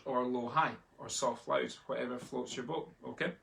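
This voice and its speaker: A Scottish man runs a drumming lesson from his home, chanting the counts and sticking patterns in a loose, chatty way. His voice is mid-pitched with a gravelly edge. Loud background noise sits under the recording. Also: steady tone, moderate pace, hardly any pauses. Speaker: drum tutor. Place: home, a street outside.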